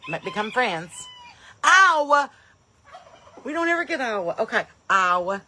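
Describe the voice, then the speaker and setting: Bright, chatty woman. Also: fairly high pitch, big pitch swings, unhurried. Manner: chatty, calls out place names loudly and eagerly. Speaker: comedian and podcast host. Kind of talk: live-stream chat, greeting viewers.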